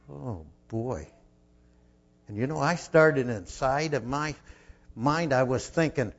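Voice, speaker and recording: An older man telling a folksy childhood story, asking his listeners questions and dropping to a hush for his inner thoughts. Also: medium pitch, lively intonation, slow pace, long pauses. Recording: dull lo-fi recording.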